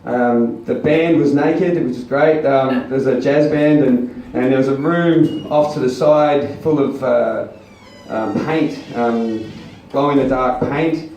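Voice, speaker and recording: Speaking slowly in a medium, darkish voice, the comedian rambles through a crude tale at his own expense, filled with ums and uhs. A distant camera picks him up in an echoey small club, with slight background noise and the crowd laughing.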